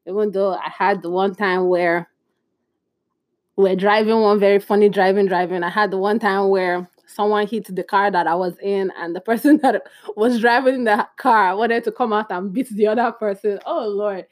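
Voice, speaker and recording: Young woman telling a lively story. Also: medium pitch, moderate pace, dry recording, clean studio sound. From Nigeria. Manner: animated, acts out quoted voices. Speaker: podcast host. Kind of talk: casual storytelling.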